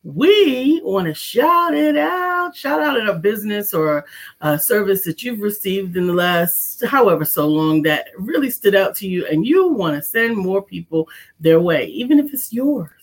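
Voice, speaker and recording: A woman's voice: medium pitch, expressive, moderate pace. A woman co-hosting a casual morning talk show, playful, repeating greetings in a sing-song way. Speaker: co-host.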